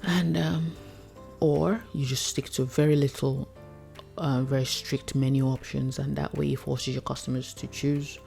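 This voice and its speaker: A woman's voice: a bass voice, flat delivery, unhurried, vocal fry, mellow, soft background music. A woman chef coaching food business owners in a chatty, casual way, laughing often and acting out her customers. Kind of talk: casual teaching talk.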